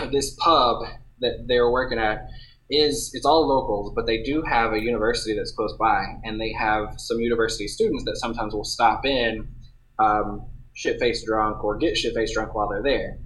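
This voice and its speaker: A man chats on a podcast in an easygoing, meandering way, breaking off and restarting his sentences. His voice sits at an ordinary middle pitch. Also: fairly bright tone, low-quality recording. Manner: rambling, self-interrupting storyteller. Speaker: podcast co-host. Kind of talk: casual chat.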